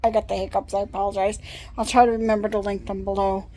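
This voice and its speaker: A woman's voice: mid-range voice, flat delivery, quick pace, mellow, low-quality recording. A middle-aged woman talking casually into her phone camera for her vlog, rambling and chatty with small laughs. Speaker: vlogger.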